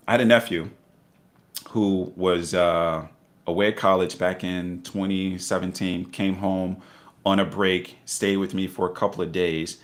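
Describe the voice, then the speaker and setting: A middle-aged man telling his investing story in a casual interview, acting out voices with laughter. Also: low-pitched. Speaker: guest investor.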